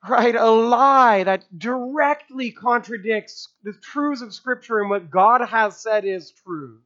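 A man's voice: extremely high pitch, a little slow, few pauses, fairly bright tone, dull audio. A man preaching a sermon, emphatic, with rhetorical asides and repeated phrases. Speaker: pastor.

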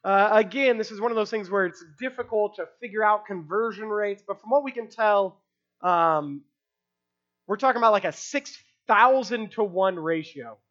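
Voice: medium pitch, moderate pace, a bit bright, muffled recording. A preacher giving an expository sermon in a conversational way, asking rhetorical questions and using casual fillers.

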